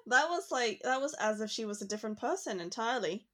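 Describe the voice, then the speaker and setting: A woman from Hong Kong co-hosting a podcast, chatting in an expressive, casual way. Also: fairly high pitch, fast. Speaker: podcast co-host. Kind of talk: casual chat. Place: London.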